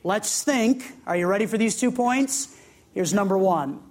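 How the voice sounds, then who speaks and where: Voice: medium pitch, expressive, unhurried, darkish tone. A preacher giving a sermon, reading scripture aloud and breaking into humorous asides and direct questions to the listeners. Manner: conversational, with humorous asides and laughs; asks the audience direct questions.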